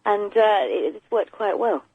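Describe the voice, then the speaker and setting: A woman's voice: medium pitch, expressive, a little slow, husky. A woman calling a radio show, chatting away with plenty of restarts, heard over a muffled phone line. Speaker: caller.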